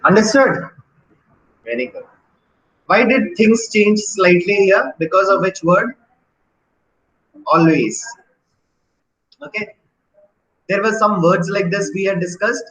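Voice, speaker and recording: A man's voice: high-pitched, expressive, takes it slowly, pauses often, fairly bright tone, roomy sound, rough recording. A man teaching an online grammar lesson, often asking questions and checking in with "right?". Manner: questioning, encouraging, repeats "right?".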